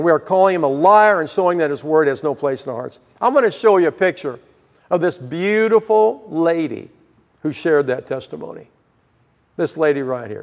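An older male pastor delivers a sermon in a high voice, earnest and emphatic. His pitch jumps sharply when he presses a point. The sound carries the long reverb of a large hall. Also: lively intonation, fairly quick, creaky. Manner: earnest, emphatic preaching with sudden rises in pitch.

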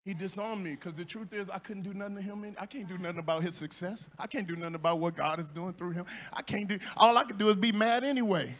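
A male pastor preaching a sermon in church, telling stories with shouts, laughter and playful asides to the congregation. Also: high-pitched, fast, few pauses, a little hiss or hum.

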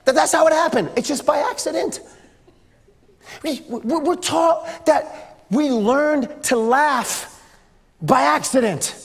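Male pastor, very high voice, jokey youth sermon, long church-hall reverb. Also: slow, gravelly, pauses often. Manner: playful, joking, acts out sounds. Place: church sanctuary.

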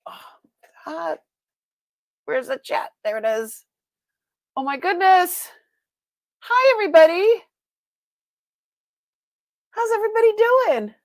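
A woman's voice: fairly high pitch, a bit bright, no echo. A woman with a Boston accent hosting a casual live-stream sale, chatting and greeting viewers by name with frequent laughs.

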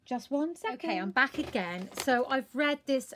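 A woman's voice: high-pitched, expressive, normal speed, a bit bright, slight background noise. A woman vlogger chatting casually to camera about a craft parcel, gushing and exclaiming with delight.

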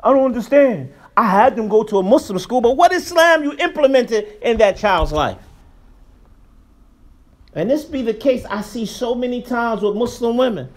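A man giving a religious lesson in a loose, conversational way with emphatic bursts. His voice sits high for a man. It swings widely in pitch as he presses his points. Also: normal speed. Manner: animated, colloquial, emphatic preaching. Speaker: Islamic teacher.

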